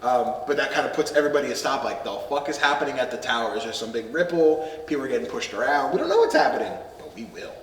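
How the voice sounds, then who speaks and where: A man's voice: medium pitch, sing-song, fast, hardly any pauses, roomy sound, in a large hall, distant mic. Laughing, swearing man recapping a film. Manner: laughing, swearing, acting out quotes. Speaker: podcast host recapping a film. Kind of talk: casual group chat.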